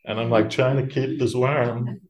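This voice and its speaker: A middle-aged man, a monk giving a talk, telling a personal story in a relaxed, self-mocking way, breaking into laughs and acting out the voices of others. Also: mid-range voice, unhurried. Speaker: Buddhist monk teacher.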